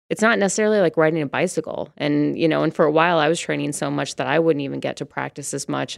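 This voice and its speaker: Low gravelly woman, chatty and relaxed. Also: no echo, clean studio sound. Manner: chatty, many fillers and restarts. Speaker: firearms instructor and brand ambassador. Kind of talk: casual interview answers.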